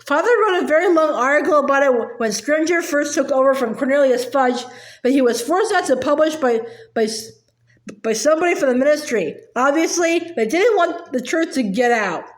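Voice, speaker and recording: A woman voicing an eccentric schoolgirl in a storybook reading, airy and matter-of-fact, her high voice ringing a little in a roomy space. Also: lively intonation, fairly quick. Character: eccentric dreamy schoolgirl Luna. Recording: roomy echo.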